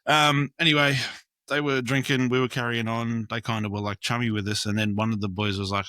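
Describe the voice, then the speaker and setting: A young Australian man spins a long story in a loose, rambling way, full of "like" and "um" and casual swearing. His voice is low-pitched and bright, and the sound is dry and close. He talks at an easy podcast pace. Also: level tone, a little fast, dry recording. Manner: rambling, lots of fillers and swearing. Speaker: podcast guest, graffiti artist.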